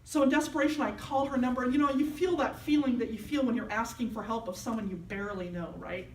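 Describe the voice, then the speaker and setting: A fast-talking woman minister with a voice on the high side and a steady tone delivers a sermon in a church sanctuary, telling a personal story and acting out the people in it. The mic sits at a distance in an echoey hall, and there's a little hiss or hum.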